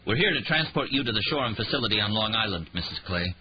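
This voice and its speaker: A man's voice: fairly low pitch, animated, fast, muffled recording, a little hiss or hum, natural voice. A man narrator voicing a polite, firm male police officer.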